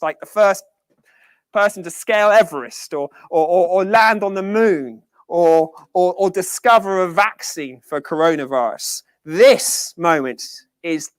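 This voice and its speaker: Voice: medium pitch, no room sound. Earnest preacher with a dry sound. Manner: earnest, emphatic, repeats key phrases. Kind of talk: conversational sermon.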